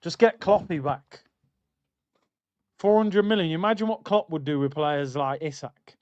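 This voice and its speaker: A man's voice: a little high, normal speed, a little mellow, dull audio. A man hosting a football watchalong stream, chatting loosely and reading out viewer comments. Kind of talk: casual live-stream chat.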